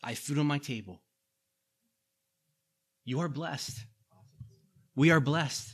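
A middle-aged male pastor preaches a sermon conversationally, repeating key lines and tossing folksy asides to the congregation. His voice is fairly high, husky, and slow.

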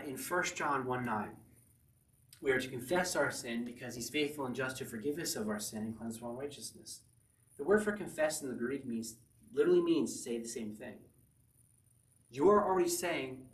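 A man preaching an earnest sermon as a pastor, reading scripture aloud and rising to near-shouts. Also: medium pitch. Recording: echoey room, from a distance.

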